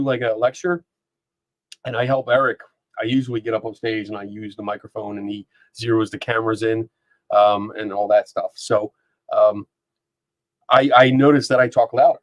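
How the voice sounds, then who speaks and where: Male stream host, rambling casual chat, dry close dynamic mic, mid pitch. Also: normal speed, no echo. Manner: rambling, chatty, laughs often, reads chat aloud. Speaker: podcast host. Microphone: dynamic microphone.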